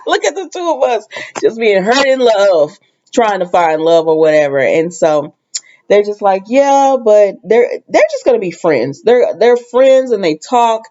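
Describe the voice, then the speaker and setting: A woman's voice: mid-range voice, animated, unhurried, dark tone, dull audio. A woman casually recapping a soap opera episode in a chatty storytelling way, acting out the characters' lines as she goes.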